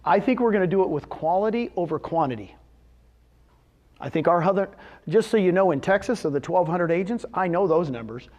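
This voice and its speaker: A man giving a live seminar talk to real estate agents, telling success stories and firing questions at the audience. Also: high-pitched. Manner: animated, storytelling with quick questions to the audience. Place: meeting room with a live audience.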